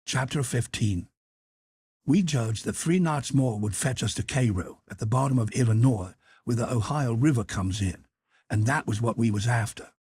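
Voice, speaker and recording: Guy reading an audiobook, husky voice, dry sound, steady folksy telling. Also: medium pitch, normal speed, no echo. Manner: steady storytelling in period dialect. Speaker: audiobook narrator. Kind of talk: first-person audiobook narration.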